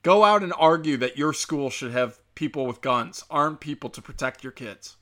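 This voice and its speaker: A man's voice: a little high, animated, normal speed, fairly bright tone. A man delivering a heated, profane, sarcastic monologue straight to his listeners, mocking and scolding them. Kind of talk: ranting monologue.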